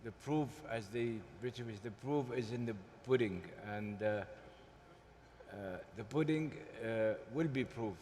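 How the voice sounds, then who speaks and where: A man's voice: medium pitch, a little mellow, slight background noise. Emphatic man in a conference hall. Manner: deliberate, emphatic, with frequent hesitations. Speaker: panel speaker. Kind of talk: panel discussion. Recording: hall reverb, faint ambience.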